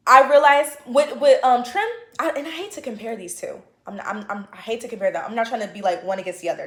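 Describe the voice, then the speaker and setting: Chatty opinionated woman in echoey room. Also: a little high. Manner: chatty, opinionated, many fillers and restarts. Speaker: vlogger. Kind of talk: casual opinion chat to camera.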